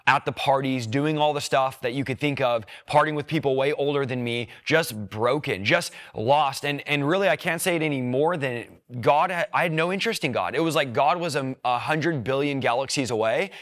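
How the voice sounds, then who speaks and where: Young man, earnest testimony, mid pitch, dry close sound. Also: fairly bright tone, dry recording. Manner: earnest storytelling, quick bursts. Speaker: preacher. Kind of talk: personal testimony.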